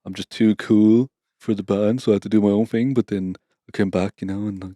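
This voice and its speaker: A man putting on loud, jokey, high-pitched parody voices of band members. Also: fairly even intonation, a little fast, no room sound, clean studio sound, lightly acted. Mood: mocking. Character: mock band members in joking accents.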